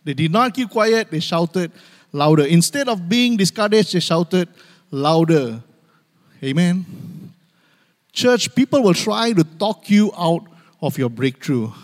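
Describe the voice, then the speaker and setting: A pastor preaches to his church in the sanctuary, his voice high and expressive at a measured pace. He calls for amens and repeats key phrases for emphasis. The recording carries a long hall reverb.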